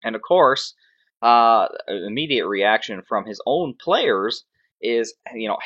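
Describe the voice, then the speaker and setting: A man's voice: mid-range voice, lively intonation, slow, a bit bright, lo-fi sound. A man hosting a fantasy sports show, ranting sarcastically in casual sports commentary.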